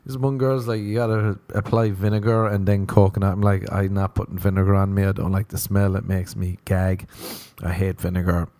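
Irish man, comedian, low mellow voice, dry close sound, rambling profane stories. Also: flat delivery, a little fast, hardly any pauses, no echo. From Ireland. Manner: profane, playful storytelling with mocking quoted voices. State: sunburnt. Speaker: comedian podcast host. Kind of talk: casual rambling podcast monologue.

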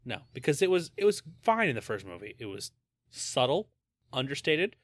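A man co-hosting a casual movie podcast, chatty and quick to laugh while sharing film trivia. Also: mid-range voice, very animated, no room sound. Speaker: podcast co-host.

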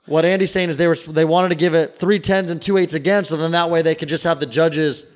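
A man's voice: a little high, steady tone. A man co-hosting a sports podcast in casual chat, rambling and packing his talk with "like". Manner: rapid, rambling, fills with "like". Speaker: podcast co-host.

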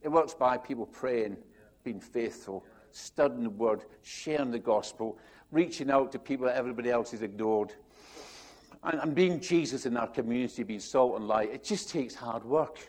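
A man, a pastor, preaching a sermon in an animated, rambling way, acting out quotes and restarting his sentences. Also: medium pitch, normal speed.

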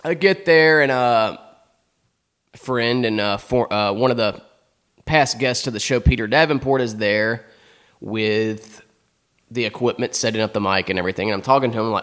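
A man's voice: mid-range voice, normal speed, a bit bright. A young man, hosting a comedy show and telling an exasperated, profanity-laced story in casual monologue.

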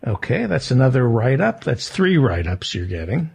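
A man's voice: medium pitch, big pitch swings, normal speed, vocal fry, heavy background noise. A man hosting a podcast, needling and mock-accusing his co-host in comedic banter.

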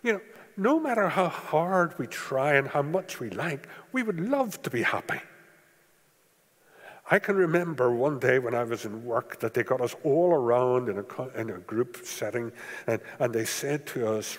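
Animated, husky-voiced man preaching in church. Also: mid-range voice, normal speed. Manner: emphatic, repeats key words for stress. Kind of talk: sermon. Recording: long church hall reverb.

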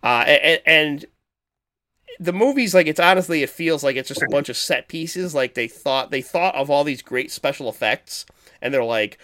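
A man co-hosting a podcast in casual chat, rambling and animated as he retells movie scenes. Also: fairly high pitch, normal speed. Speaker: podcast co-host.

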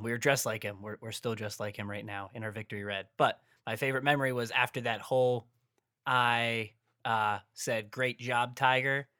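A young man co-hosting a casual sports podcast, lighthearted and quick to laugh. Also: medium pitch, bright, forceful tone, smooth, no echo, clean studio sound. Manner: laughs often, lighthearted teasing. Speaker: podcast co-host.

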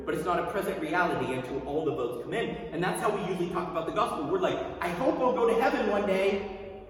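A pastor in his thirties preaches in a casual, emphatic way, asking his listeners questions as he goes. His slightly high voice sits well back from the mic. It rings through a large reverberant hall over faint room ambience. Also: recorded from a distance, slight background noise. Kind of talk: sermon. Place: church sanctuary.

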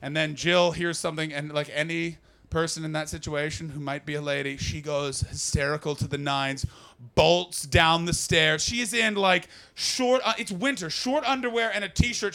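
A bright, fairly high male voice with a crisp, forward edge. He is a comedian spinning a story on his podcast, lively and animated, jumping into loud voices for the people in the tale. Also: moderate pace, hardly any pauses. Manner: animated, bursts into loud impressions. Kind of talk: comic storytelling.

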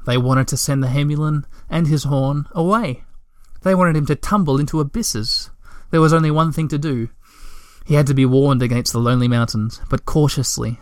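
A man narrating a children's storybook in a steady, gentle reading voice. His pitch sits at an ordinary middle, and the recording is close and dry with no room sound. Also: no room sound.

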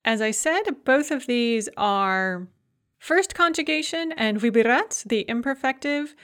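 A woman's voice: on the high side, fairly bright tone. Patient woman teaching a grammar lesson. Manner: patient, methodical explaining with slow, careful example words. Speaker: language teacher.

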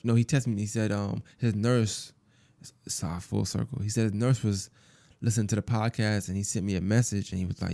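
Gravelly low-voiced man telling a story. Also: steady tone, quick pace, mellow, no echo. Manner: rambling, repeats phrases with lots of fillers. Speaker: podcast host. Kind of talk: casual storytelling.

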